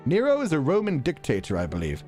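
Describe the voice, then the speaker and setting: A man chatting casually with viewers after a game stream, laughing often, thinking out loud and swearing now and then. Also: on the high side, huge pitch swings, fast talker. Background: faint background music.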